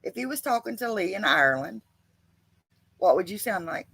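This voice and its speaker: A woman's voice: mid-range voice, lively intonation, moderate pace, a bit bright, husky, low-quality recording. A woman co-hosting a casual livestream chat, chatty and laughing often. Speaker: co-host.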